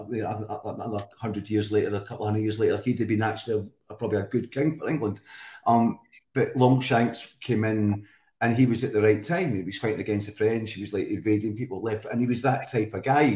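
A man's voice: medium pitch, mellow. A Scottish man chatting as a guest, telling stories in a rambling way with many restarts. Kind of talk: casual chat. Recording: roomy echo.

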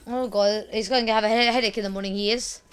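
A woman giving chatty, excitable gameplay commentary, often apologizing to her viewers. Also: mid-range voice, fast, a little hiss or hum. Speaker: let's play gamer.

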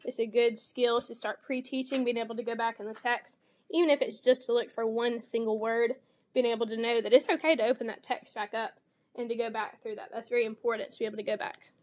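A woman's voice: on the high side, little pitch movement, fast. A woman teacher demonstrating a read-aloud lesson for young children, explaining each step and voicing the animal sounds with expression.

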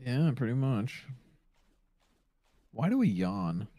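Dark-voiced playful man in voice chat. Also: medium pitch, sing-song, slow pace, no room sound. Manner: playful, jokey and curious. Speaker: guest on a livestream voice call. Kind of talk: casual voice-chat banter.

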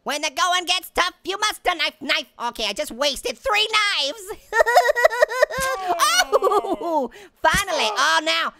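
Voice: very high-pitched, animated, a little slow, creaky, sharp tone, heavily acted. A performer voicing a hyper, cheeky male talking orange who giggles, makes puns and chatters nonstop while playing a game. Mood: playful. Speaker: game player. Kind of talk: cartoon character let's-play commentary.

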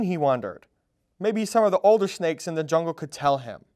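A man reading a children's storybook aloud at a storytime, in an expressive, animated way. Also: a little high, a little fast. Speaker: storytime reader.

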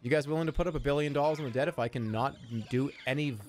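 A man's voice: a little high, racing. A man streaming live, talking casually in a rambling, self-mocking way.

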